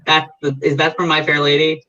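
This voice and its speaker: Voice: mid-range voice, monotone, fairly quick, bright, forceful tone, lo-fi sound, soft background music. A guest in a casual interview chat, explaining ideas at length with frequent restarts.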